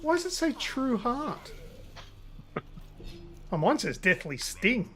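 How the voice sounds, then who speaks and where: Aussie guy gaming on a live show, swears and laughs a lot, slow-talking, very lively pitch. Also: soft background music. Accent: Australian. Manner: excitable, swears, laughs often. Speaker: co-host. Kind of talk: casual gaming banter.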